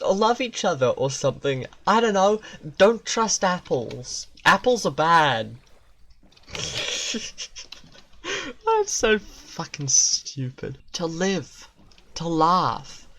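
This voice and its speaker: A young man talks through his video game session in a casual, meandering way, peppered with swearing and odd philosophical asides. His voice sits a bit high for a man. He takes his time, drawing out his words. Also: a bit bright. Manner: rambling, profane, absurdist musings. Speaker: game streamer. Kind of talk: casual gaming commentary.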